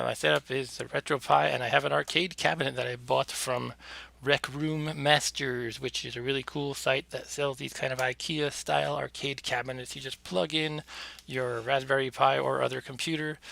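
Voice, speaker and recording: Breathless and chatty, a man streams a game live from home, making fun of himself and dropping fillers and quick asides. His voice sits at medium pitch and sounds gravelly, bright, and forceful.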